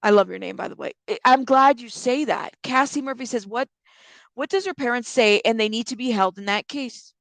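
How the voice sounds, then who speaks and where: A woman commenting on a live stream in a loose, chatty way, stopping to answer her viewers' comments. Her voice sits a little high and sounds close and dry, with no room around it. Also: brisk, vocal fry, a bit bright, no echo. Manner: chatty, reacts to chat comments, thinks aloud.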